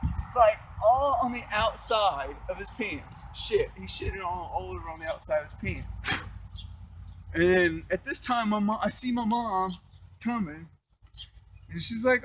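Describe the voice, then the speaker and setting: Excitable young man, high voice. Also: a little slow, low-quality recording. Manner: excitable, profane, rambling with fillers. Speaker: vlogger telling a life story. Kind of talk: casual storytelling.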